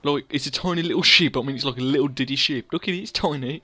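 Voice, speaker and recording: Talking fast over his gameplay, the young English gaming host has a medium-pitched voice that sounds pushed and bright. His casual chatter rambles into self-mockery, with him scolding himself in the third person.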